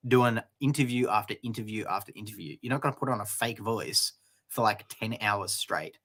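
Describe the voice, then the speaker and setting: A laid-back Australian man co-hosts a comedy news chat, with a bright, forward tone. His sarcasm is dry, and he lets sentences trail off into mumbles. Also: lowish voice, moderate pace. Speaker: co-host.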